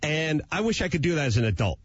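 A husky-voiced man spins a comic anecdote as a talk show guest, playful and self-deprecating. His pitch leaps around expressively as he acts out the story. The audio is muffled and lo-fi. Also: fast, dry recording. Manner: animated, playful, self-mocking.

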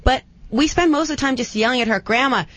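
A woman co-hosting a talk show, telling stories in an animated way. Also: high voice, fast talker, no room sound. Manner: animated storytelling. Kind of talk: casual talk show chat.

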